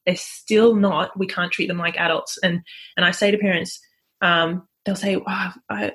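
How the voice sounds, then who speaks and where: A woman's voice: lowish voice, fairly even intonation, moderate pace, fairly bright tone. Chatty woman parenting coach. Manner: chatty, laughs often, acts out parents' voices. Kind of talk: conversational interview.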